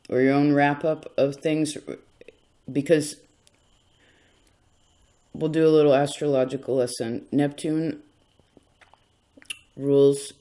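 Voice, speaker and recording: Casting: man, somewhat high voice, loose conversational tarot reader who wanders off on tangents. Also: dark tone. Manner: rambling, chatty, self-interrupting. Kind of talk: casual tarot reading.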